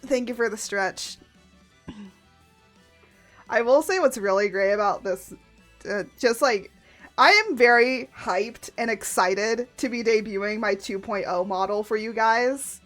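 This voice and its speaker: A woman streaming live in casual chat, giggling often and muttering to herself as she clicks through software. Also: a little high, unhurried, soft background music.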